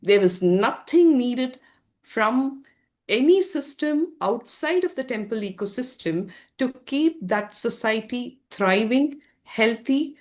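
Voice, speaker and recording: Slow earnest woman presenting slides. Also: fairly high pitch, lively intonation. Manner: slow, earnest lecturing with fillers. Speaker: presenter at a summit session. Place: conference room.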